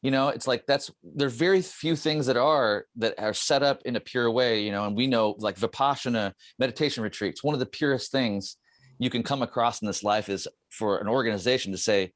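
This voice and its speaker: A middle-aged man hosting a podcast, speaking earnestly and haltingly, restarting and repeating words as he works out his ideas. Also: medium pitch, no room sound, studio quality. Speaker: podcast host. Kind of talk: reflective podcast conversation.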